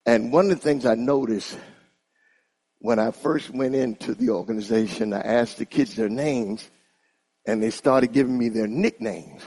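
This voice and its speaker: A man preaching a sermon in an animated style, calling on the congregation to repeat after him. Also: mid-range voice, moderate pace. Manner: animated, call-and-response with congregation.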